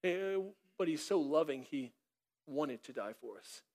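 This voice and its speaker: A man, a pastor, preaching a sermon in an animated way, with many restarts and acted-out bits of dialogue. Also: fairly high pitch, a little slow.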